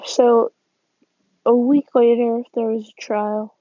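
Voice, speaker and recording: A woman casually narrating a fan story, halting, with sighs and restarts. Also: fairly high pitch, flat delivery, dark tone, no echo. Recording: dull lo-fi sound.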